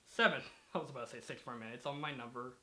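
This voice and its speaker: A man's voice: mid-range voice, rapid-fire, pushed and bright. A man hosting a casual movie review chat, talking in a rambling, enthusiastic way with many fillers. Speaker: host of a movie review channel.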